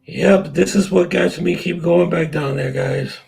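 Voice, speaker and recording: A man's voice: on the high side, steady tone, unhurried, creaky, a little mellow, husky, low-quality recording. A man hosting a casual livestream, talking straight to his viewers and chat, repeating himself for emphasis. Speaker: vlog host.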